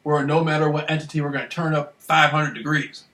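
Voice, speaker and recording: Recorded from a distant mic in a room with strong echo, this man from Michigan, United States, talks fast to the camera in a slightly high, bright, forceful voice. As an excited vlogger, he rambles and repeats himself, constantly asking "you know what I mean."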